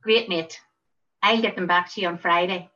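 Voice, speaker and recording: A woman voicing a cheerful young man with a Belfast accent, talking breezily and a little louder. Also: lowish voice, fairly even intonation, normal speed, lo-fi sound. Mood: breezy.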